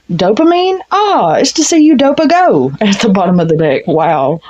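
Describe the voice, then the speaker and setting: Blunt woman tarot reader, slow and lo-fi. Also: mid-range voice, a little mellow. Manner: blunt and frank, swears freely. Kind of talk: casual tarot reading. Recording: dull lo-fi sound.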